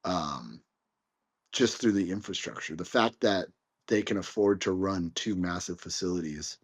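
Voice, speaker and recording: A young man guest on a podcast, telling stories in a lively way with lots of filler words. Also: low voice, measured pace, breathy edge. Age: young adult. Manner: storytelling, animated, many fillers like "like". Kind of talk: casual conversation.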